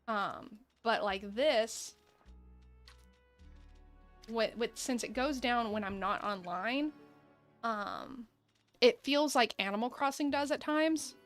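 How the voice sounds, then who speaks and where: Woman, casual gameplay commentary, rambling, laughs a lot, slightly high voice. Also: slow, long pauses, faint music behind. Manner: chatty, rambling, laughs often, talks to chat. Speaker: gaming streamer.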